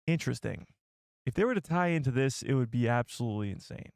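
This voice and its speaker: A man hosts a live stream in a loose, rambling way, thinking aloud as he answers chat and looks things up. His voice sits at an ordinary middle pitch. The sound is dry, with no room echo. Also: lively intonation, quick pace, creaky, a little mellow. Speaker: livestream host.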